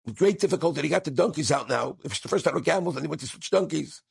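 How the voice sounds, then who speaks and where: Man, rabbi, storytelling sermon, slightly high voice, dry close sound. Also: expressive, racing, gravelly, breathy edge, no room sound. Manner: vivid storytelling with Yiddish and Hebrew words.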